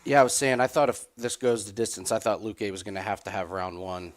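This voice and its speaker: A man's voice: lowish voice, quick pace. A man hosting a live fight betting stream, analysing the bout with frequent stammered restarts. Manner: stammering restarts, bursts of excited laughter.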